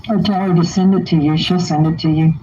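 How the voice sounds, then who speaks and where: An older woman speaking on a phone call, slow and hesitant, rambling with many fillers. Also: deep voice, steady tone, dark tone, a little hiss or hum. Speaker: host's mother on a call.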